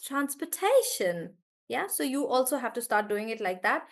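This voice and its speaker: A woman teaching English pronunciation in a live class, repeating each word slowly to model the stress and calling on students by name. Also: on the high side, gravelly, fairly bright tone. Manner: calls on students by name and checks in with them.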